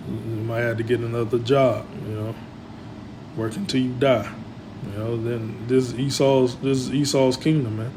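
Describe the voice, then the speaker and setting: Male religious commentator, mid-pitch, rambling and filler-heavy; constant hum behind. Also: steady tone, moderate pace.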